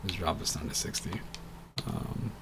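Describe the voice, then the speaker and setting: A man's voice: deep voice, moderate pace, gravelly, heavy background noise. A man streaming games from home, chatting casually and rambling with lots of fillers and restarts. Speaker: game streamer. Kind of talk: casual streaming chat while playing.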